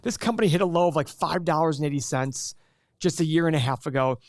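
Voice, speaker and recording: A man giving a quick, energetic reaction to a company's earnings, throwing in sarcastic asides and correcting his own math as he goes. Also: fairly high pitch, no room sound. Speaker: stock market commentator.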